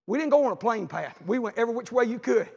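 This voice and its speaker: A middle-aged man, preaching a sermon as a pastor, telling folksy stories with animated emphasis. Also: very high-pitched, fast, vocal fry, slightly rough, highs cut off. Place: church sanctuary. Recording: long church reverb.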